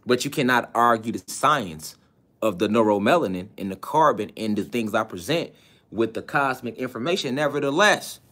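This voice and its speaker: A man's voice: mid-range voice, lively intonation, moderate pace, a bit bright. A man giving a preaching-style spiritual lecture, hammering his points with repeated phrases and rhetorical questions. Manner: repeats key phrases for emphasis.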